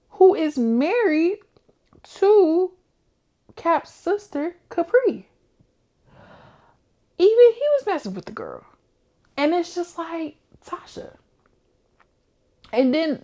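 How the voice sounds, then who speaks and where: Young woman, casual book-chat vlogger, lively slangy storyteller. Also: a little high, a little slow, pauses often. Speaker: book reviewer.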